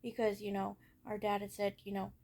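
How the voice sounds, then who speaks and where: A woman's voice: mid-range voice, monotone, fairly quick, darkish tone. A young woman talking candidly about her childhood in a personal vlog, rambling a little with frequent fillers. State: has hiccups. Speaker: vlogger. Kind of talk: personal storytelling to camera.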